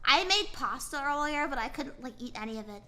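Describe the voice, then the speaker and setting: Bright, high-voiced young woman streamer. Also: expressive, fairly quick. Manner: chatty, rambling, reads and answers chat. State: tired. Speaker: VTuber streamer. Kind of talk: casual live-stream chat while drawing. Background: faint music playing.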